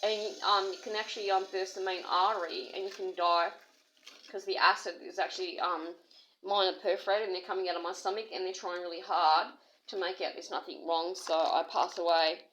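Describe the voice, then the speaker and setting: A woman's voice: on the low side, fairly even intonation, a little fast, fairly bright tone, slight background noise, poor audio. An Australian woman rambling through an agitated, aggrieved personal complaint, jumping from one story to the next. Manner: agitated, aggrieved, jumps between stories.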